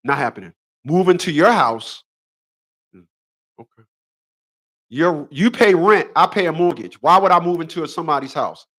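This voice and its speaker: A man's voice: on the high side, animated, normal speed, pauses often, fairly bright tone. A man hosting a relationship advice show, delivering a preachy solo monologue full of repeated rhetorical questions and emphatic short phrases.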